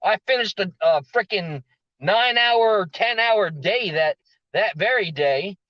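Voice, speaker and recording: A slightly hoarse man telling a story in a rambling rant, with frequent restarts and fillers. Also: high-pitched, expressive, measured pace, no room sound, highs cut off. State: slightly hoarse, losing his voice. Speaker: vlogger recounting a story.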